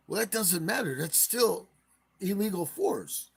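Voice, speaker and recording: A man's voice: sits high, lively intonation, a little slow, creaky, breathy edge. A man hosting a live stream, casually retelling a case in a rambling way and acting out the quotes.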